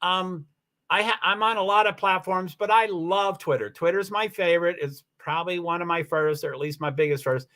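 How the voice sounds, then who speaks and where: A man's voice: sits high, pushed and bright. A man hosting a casual livestream, chatting in a rambling way with many fillers and restarts. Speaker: livestream host.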